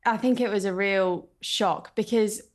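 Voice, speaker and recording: Mid-pitched woman reporter, earnest and analytical. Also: steady tone, unhurried. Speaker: football reporter. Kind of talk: casual chat.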